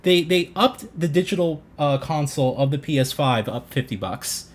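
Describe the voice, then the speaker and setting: A man's voice: a little high, expressive, normal speed. A man hosting a livestream, ranting in an exasperated, sarcastic way, swearing and restarting his sentences while answering chat. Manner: reads chat comments aloud and answers them. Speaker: livestream host reacting to a console reveal. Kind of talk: casual livestream rant.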